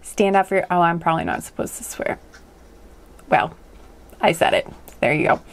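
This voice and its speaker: Speaking at a moderate pace in a lowish, expressive voice, a woman walks through a relaxed pick-a-card tarot reading. It's hesitant and rambling, thick with likes and ums, and broken up by frequent laughter.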